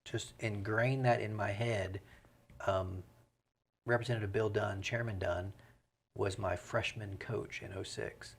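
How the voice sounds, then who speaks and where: A man's voice: lowish voice, steady tone, unhurried, a little hiss or hum. A man with a Southern US accent, a mayor speaking as an interview guest in casual, rambling talk with many fillers. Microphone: studio microphone.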